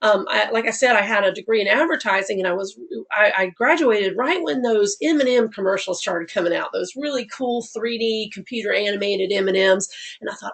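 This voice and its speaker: A woman's voice: medium pitch, brisk, vocal fry, a bit bright. Stuffy-nosed Southern woman teaching online. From Alabama, USA. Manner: friendly, rambling, digressive, many fillers. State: stuffy nose from a cold. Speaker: online instructor. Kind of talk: live online class talk.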